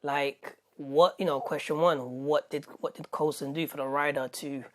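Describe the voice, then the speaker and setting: A man's voice: a little high, steady tone, normal speed. A man with a British accent giving an enthusiastic, rambling video review of a TV episode, with many restarts. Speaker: TV show reviewer.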